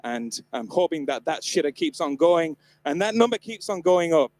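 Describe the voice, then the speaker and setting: A man's voice: on the high side, expressive, moderate pace, no echo. A man from the north of England giving a comedic keynote talk on stage at a live event, irreverent, joking and swearing freely. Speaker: conference presenter.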